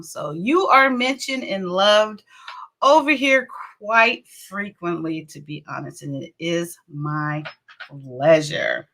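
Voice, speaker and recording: Chatty, bright-voiced woman livestream host. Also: on the high side. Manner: chatty, greets viewers by name, laughs often. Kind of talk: casual livestream chat.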